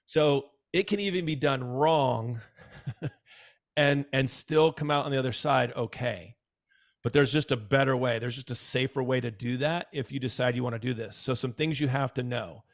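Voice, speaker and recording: A man speaks in a casual, advisory way at a middle pitch. He talks emphatically and repeats himself for stress. He often acts out the words of his clients. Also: moderate pace. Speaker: dental practice consultant.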